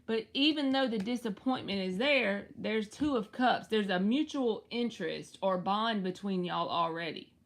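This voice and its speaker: A woman in her thirties from Southwest Georgia with a Southern accent, hosting a casual live tarot stream, chatty and quick to laugh. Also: medium pitch. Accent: Southern US, rural Georgia. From Southwest Georgia, USA. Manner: chatty, laughs often, talks to viewers by name.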